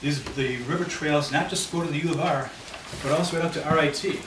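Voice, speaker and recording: A man's voice: a little high, steady tone, a little fast. A man presenting at a committee meeting, walking listeners through a handout map of his neighborhood. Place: meeting room. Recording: echoey room, mic far off, noisy.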